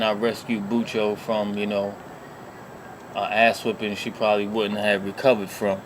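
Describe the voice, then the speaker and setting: A man spins a long personal story in a casual vlog. His voice sits low, and his talk rambles along, profane and full of filler phrases. A faint noise runs behind him. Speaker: vlogger.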